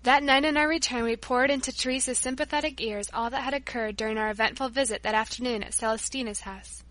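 High-voiced woman reading a story. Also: no echo. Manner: steady, measured storytelling. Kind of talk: scripted narration.

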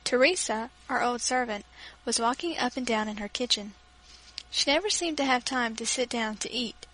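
A woman reading an old-fashioned children's story aloud, in a measured, gentle way. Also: a little high, low-quality recording. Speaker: reader.

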